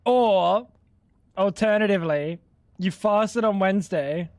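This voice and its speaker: A man's voice: sits high, measured pace, darkish tone, dry recording, clean studio sound. A man, chatting crudely and rambling as he jokes with his livestream chat. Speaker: streamer. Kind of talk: casual gaming livestream chat.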